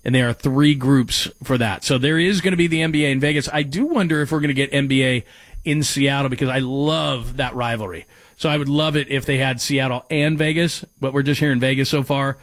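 A man hosting a sports talk radio show talks fairly quickly in a mid-range voice, captured on a studio mic with no room sound. He keeps it casual, rambling and stopping mid-sentence to read out texts from listeners.

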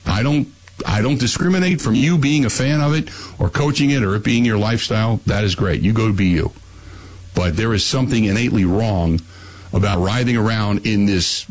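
A man's voice: mid-range voice, slightly rough, poor audio. A man hosting a call-in talk radio show, rambling bluntly with frequent restarts.

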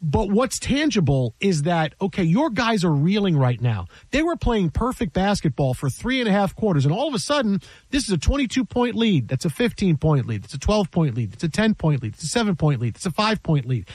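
High-voiced emphatic sports-talk man. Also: sing-song, a little fast, no echo. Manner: emphatic, sarcastic, riffs in mock quotes. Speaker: sports show host.

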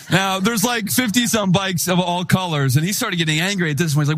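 Young pastor telling a lively story. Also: male voice, a little high, fast talker, husky. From Wisconsin. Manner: animated storytelling, acting out quoted voices. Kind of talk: sermon.

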